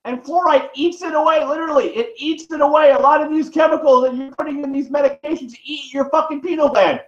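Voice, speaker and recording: High-voiced man ranting angrily, echoey. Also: fairly even intonation, brisk. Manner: profane, heated, rambling. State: in pain. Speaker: vlogger. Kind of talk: angry direct-to-camera rant. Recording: echoey room, dull lo-fi sound.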